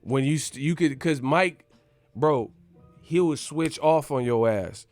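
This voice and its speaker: A man hosting a boxing channel, giving brash, animated commentary full of swearing. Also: on the high side, takes it slowly, no echo, faint music behind. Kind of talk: casual profane commentary.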